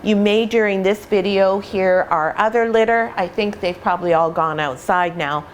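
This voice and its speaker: A middle-aged woman who breeds puppies, explaining patiently and warmly in an instructional vlog at home, sometimes slipping into playful voices. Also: mid-range voice, moderate pace, a little hiss or hum. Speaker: puppy breeder.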